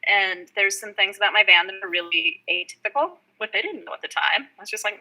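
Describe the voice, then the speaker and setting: A young woman chatting casually on a podcast, telling rambling, animated stories and acting out quotes. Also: lowish voice, normal speed, poor audio. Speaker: guest van dweller.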